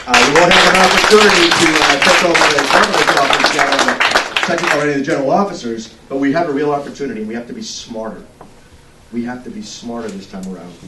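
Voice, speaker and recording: A man's voice: medium pitch, pushed and bright. A middle-aged man giving a folksy, storytelling political speech at a fundraiser. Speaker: political speaker. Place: indoor event room. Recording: echoey room, distant mic, background noise.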